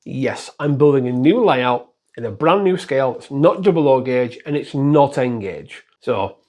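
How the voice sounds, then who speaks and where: A man's voice: mid-range voice, animated, normal speed, warm tone. A man chatting casually to camera about his hobby, rambling and self-deprecating. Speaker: model railway YouTuber.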